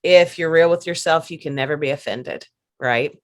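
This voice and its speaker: A woman hosting a casual podcast conversation, chatty and quick to laugh, often restarting and repeating her words. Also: sits low. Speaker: podcast host.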